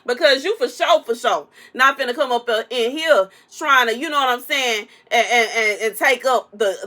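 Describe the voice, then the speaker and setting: A woman giving a casual prophetic message, animated and playful, preaching straight to the listener. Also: a little high, moderate pace, few pauses. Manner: animated, preachy, playful, African American Vernacular English. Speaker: prophetic content creator.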